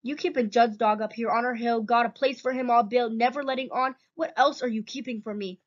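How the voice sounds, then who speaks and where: Woman voicing a stern quiet country father. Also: a little high, steady tone, fairly quick, lightly acted. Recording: dull lo-fi recording.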